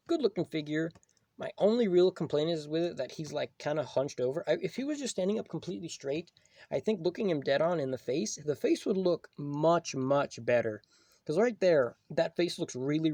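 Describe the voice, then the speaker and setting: A young man with a slightly high, mellow voice rambles through a casual toy review, leaning on "like" at every turn. The sound is dry and close. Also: no echo. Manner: rambling, filler-heavy, full of "like".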